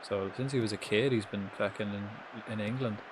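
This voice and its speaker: A man giving casual, swear-laden commentary while playing a football management game live, reacting loudly to the match. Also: fairly low pitch, steady tone, brisk, background noise. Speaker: streamer.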